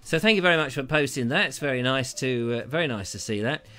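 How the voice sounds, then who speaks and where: A man's voice: medium pitch, lively intonation, fast, pushed and bright. A British man hosting a live stream, chatting in a jokey, rambling way as he reads out viewer comments on a lavalier mic. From Britain. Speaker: host of a live show.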